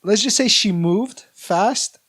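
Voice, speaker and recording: Guy in his 20s rambling thru a story on a podcast, kinda high voice, tons of likes. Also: takes it slowly, a bit bright. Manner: rambling storyteller, lots of "like" and restarts. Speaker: podcast co-host. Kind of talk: casual chat.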